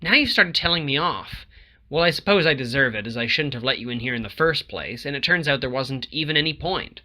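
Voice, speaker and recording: A man's voice: mid-range voice, expressive, fairly quick, pushed and bright. A man reading an audiobook who voices a curious, teasing young woman lodger in a lifted voice. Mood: lively. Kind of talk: audiobook character voice.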